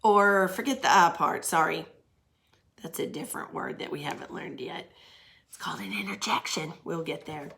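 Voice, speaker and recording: A middle-aged woman teaching a grammar lesson to young children, patient and explaining slowly with examples and questions. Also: low-pitched, gravelly, pushed and bright.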